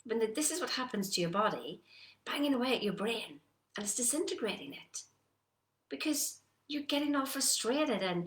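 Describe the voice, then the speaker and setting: A woman giving a casual motivational talk, animated and acting out her own doubts. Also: medium pitch, fairly quick. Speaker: personal development coach. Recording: echoey room.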